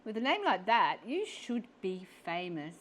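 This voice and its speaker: A woman voicing a charming, smitten French gentleman with a French accent who pays flattering compliments in a storybook reading. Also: sits high, a little slow, exaggerated voice. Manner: flattering, forward.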